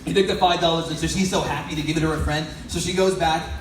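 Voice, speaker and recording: A man with a fairly high, steady voice talks at a quick pace, giving an audience a sermon-like storytelling talk. Relaxed and conversational, he regularly asks the crowd questions. The mic is far off in an echoey hall, with faint noise in the background.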